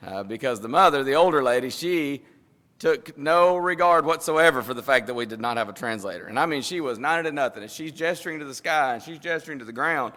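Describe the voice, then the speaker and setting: A man with a Southern US accent gives a sermon, his bright, forward voice carrying a long reverb from the church hall around him. He talks in a folksy, rambling way, with chuckles running through his stories. His pitch stays in the middle for a man. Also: lively intonation, normal speed. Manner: folksy, rambling, laughs while telling stories. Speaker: preacher. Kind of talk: sermon with storytelling. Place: church sanctuary.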